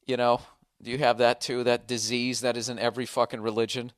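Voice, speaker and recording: A man's voice: mid-range voice, brisk, bright, forceful tone, dry recording, clean studio sound. Profane, ranting male podcast host. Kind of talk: casual ranting monologue, reading listener mail.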